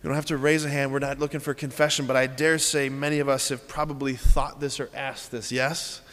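A man's voice: medium pitch, little pitch movement, brisk, a bit bright, in a large hall. A man preaching a sermon, earnest and repeating key phrases as he leads the congregation through simple exercises.

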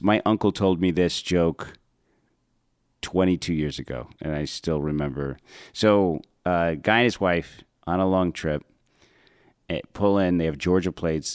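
A man, a comedian hosting a podcast, telling a story in a casual, animated way, laughing and correcting himself. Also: low-pitched, no room sound, clean studio sound. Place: podcast studio.

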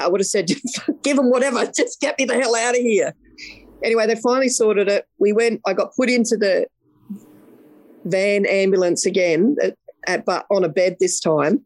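A woman's voice: mid-range voice, a little mellow, dry recording. An Australian woman, a podcast guest, telling a story in a casual interview, blunt and vivid, acting out the quoted dialogue.

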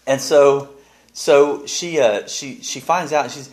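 Male Bible teacher, casual and animated, lively swinging pitch. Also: normal speed. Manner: animated, restarts often, reads scripture aloud.

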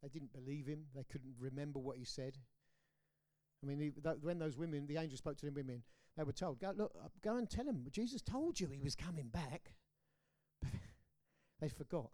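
A man with a British accent preaching a sermon, swinging between loud declarations and hushed, low lines. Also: fairly quick. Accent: British English. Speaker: pastor. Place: church hall.

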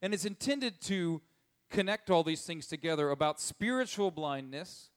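A man giving a conversational sermon, chuckling often and acting out characters' lines in quick voices. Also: on the high side. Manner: chuckles often while telling the story. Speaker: preacher.

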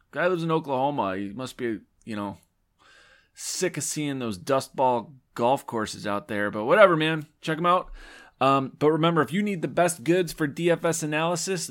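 A man's voice: a little high, fairly bright tone. A man hosting a podcast in a casual, upbeat, rambling way. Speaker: podcast host. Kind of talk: casual chat.

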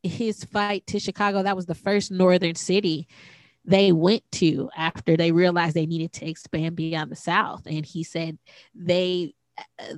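A woman's voice: fairly low pitch, no echo, clean studio sound. A woman co-hosting a casual podcast, explaining history and speaking bluntly. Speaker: podcast co-host. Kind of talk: casual chat.

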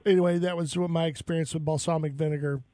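High-voiced Southern man telling stories. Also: fast talker, dry recording. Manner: rambling animated storyteller, laughs often. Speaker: radio show host. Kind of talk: casual radio chat.

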